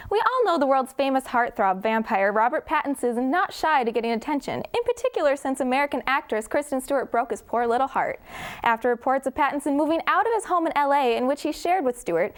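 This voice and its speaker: A woman presenting a scripted celebrity gossip segment in a chirpy, gossipy way. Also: sits high. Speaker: gossip correspondent. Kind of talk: scripted entertainment news report.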